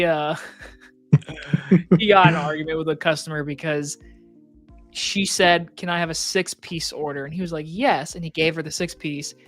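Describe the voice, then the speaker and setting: Casual storyteller, medium pitch, salty language, faint music bed. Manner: animated storyteller, swears freely, acts out quotes.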